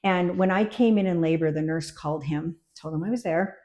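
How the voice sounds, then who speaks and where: A woman's voice: on the low side, brisk. A woman midwife chatting as an interview guest in a medium voice. She tells stories with energy and brief impressions, and her tone rises and falls expressively. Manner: animated storyteller, acting out quotes. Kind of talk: casual interview chat.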